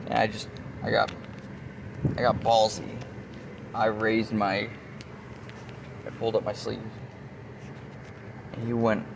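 A man's voice: lowish voice, little pitch movement, slow, gravelly, long pauses, recorded from a distance, background noise. A man telling a personal story casually, profane and rambling, often restarting his sentences.

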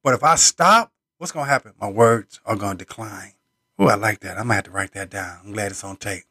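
A man hosting a motivational podcast, speaking in punchy, repeated slogans with preacher-like emphasis, swinging between loud bursts and low asides. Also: brisk, slightly rough. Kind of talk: motivational monologue.

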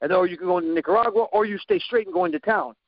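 A man telling a story in a casual chat, animated, acting out sound effects and quoted lines. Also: sits high, racing, gravelly, no room sound, dull audio.

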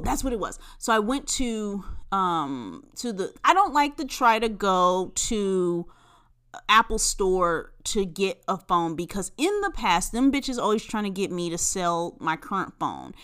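A woman talking through a casual solo podcast episode in a middle-pitched voice. She swears freely and tells her story with lots of energy. Her delivery jumps between loud, excited bursts and quiet, grumbling asides. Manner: profane, animated storytelling with big swings between loud bursts and low mutters. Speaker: podcast host.

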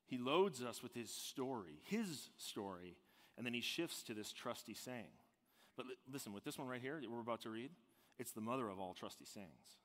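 A man preaching a sermon as pastor, swinging from loud emphatic peaks down to a hushed near-whisper. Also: medium pitch, animated, moderate pace, big-room sound.

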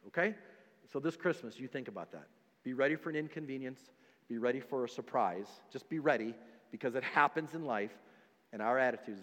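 A pastor preaching a sermon, emphatic and repetitive, dropping to quiet stretches between louder ones. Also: male voice, medium pitch, animated, brisk, long reverb tail. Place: church sanctuary.

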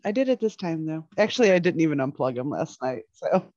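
A woman's voice: low-pitched, big pitch swings, brisk, warm tone, dry recording, dull audio. A woman co-hosting a podcast in casual chat, blunt and salty, laughing along, on a headset. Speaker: podcast co-host.

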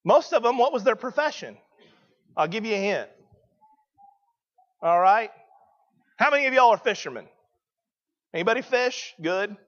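A man's voice: high voice, lively intonation, normal speed, pauses often, fairly bright tone, highs cut off. A man preaching a sermon, emphatic and questioning the congregation.

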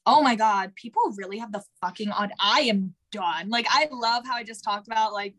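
A young woman co-hosting a podcast, telling stories in a blunt, profane, animated way. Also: medium pitch, moderate pace, hardly any pauses. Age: young adult. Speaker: podcast co-host. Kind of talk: casual chat.

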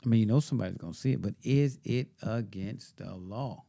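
With a voice on the low side, a bit of vocal fry, and a mellow quality, this man speaks a little fast. He's a podcast co-host in casual chat, telling a story and voicing the dialogue he quotes.

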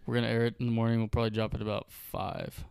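Guy co-hosting a podcast, smooth clean voice, dry close mic, super casual. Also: medium pitch, flat delivery, rapid-fire, darkish tone, no room sound. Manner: laid-back, loose, drawling sign-off with fillers. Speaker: podcast co-host. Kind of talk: casual chat.

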